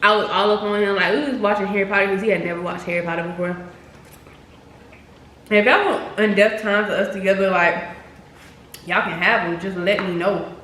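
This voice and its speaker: Young woman vlogger, casual slangy storyteller, bright voice in an echoey room. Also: mid-range voice, steady tone, fairly quick, pauses often. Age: young adult. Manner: chatty, slangy, addresses viewers as "y'all". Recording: echoey room with faint noise.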